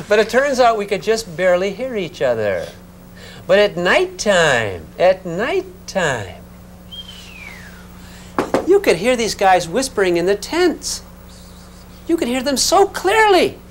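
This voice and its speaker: A man teaching a physics class in a classroom, talking in a relaxed, conversational way and checking in with his students. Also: high-pitched, normal speed, slight background noise. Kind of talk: classroom lecture.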